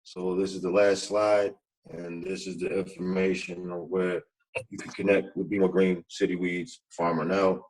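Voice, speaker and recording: Low-voiced man. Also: slight background noise, low-quality recording. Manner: halting, reflective, many fillers; self-described monotone. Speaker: community business owner presenting. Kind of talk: online panel presentation.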